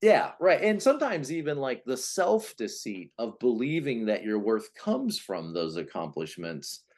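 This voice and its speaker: A man being interviewed as a personality coach, explaining in a conversational way, often restarting and now and then acting out quoted voices. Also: a little slow. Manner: animated, acts out voices of types with big pitch jumps; many restarts and repeated words. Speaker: Enneagram coach, guest.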